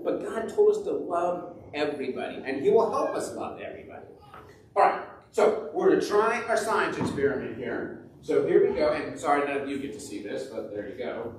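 A man as pastor, telling a Bible story to children in an animated way and acting out its voices. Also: high voice, a little hiss or hum. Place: church sanctuary. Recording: echoey church from far off.

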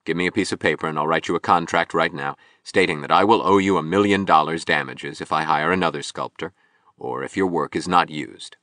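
A man reading a calm, steady architect. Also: very deep voice, a little fast, no room sound, studio quality. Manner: clear, careful, steady. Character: calm, resolute male architect. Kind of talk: audiobook reading.

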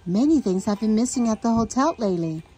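A woman's voice: fairly high pitch, expressive, fast talker, dark tone, breathy edge, soft background music, pitched above the performer's own voice, low-quality recording. A woman voicing an earnest hotel man.

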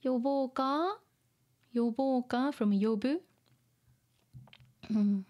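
A woman teaching vocabulary through a manga, explaining slowly, repeating words and laughing often. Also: high-pitched, lo-fi sound. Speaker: Japanese teacher. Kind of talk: manga reading lesson.

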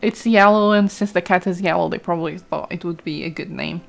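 A woman's voice: lowish voice, gravelly. Chatty woman streamer. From Brazil. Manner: chatty, quick to exclaim, reads chat aloud. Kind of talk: casual gameplay commentary.

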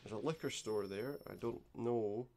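A man's voice: medium pitch, moderate pace, darkish tone. A man giving gameplay commentary, reading game text aloud with dry, sarcastic asides. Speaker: let's play host.

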